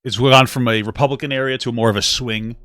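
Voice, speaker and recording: A man's voice: mid-range voice, fairly even intonation, fast talker, fairly bright tone, no echo. A man hosting a reaction commentary, talking with sarcastic, dry asides. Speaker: commentary host.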